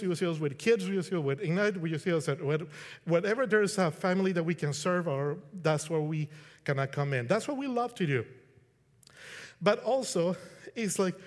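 A middle-aged man from Colombia, giving a casual, conversational sermon and acting out quotes. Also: high-pitched. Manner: conversational, restarts, acts out quotes. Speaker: preacher. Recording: long hall reverb.

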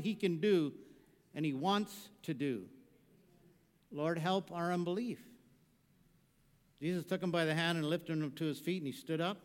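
A man preaching a sermon, swinging from hushed, low passages to loud, rising exhortation. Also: moderate pace, long reverb tail. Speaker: pastor.

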